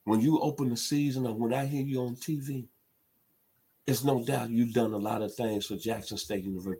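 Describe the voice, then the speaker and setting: A man's voice: medium pitch, brisk, dark tone, slightly rough. A man from Memphis, giving an emphatic sports commentary monologue. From Memphis, Tennessee. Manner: emphatic, builds to impassioned outbursts.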